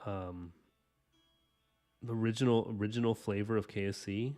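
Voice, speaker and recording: A man's voice: on the low side, steady tone, moderate pace, warm tone, faint music behind. A man casually chatting with his live-stream viewers, rambling enthusiastically with lots of "like" and "you know". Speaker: livestream art host chatting with viewers.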